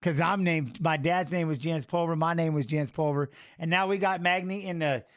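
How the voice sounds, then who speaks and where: High-voiced blunt man calling fights. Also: moderate pace. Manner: blunt and profane, mixing call-outs with life stories. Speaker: watch-along host. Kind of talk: casual live fight commentary and storytelling.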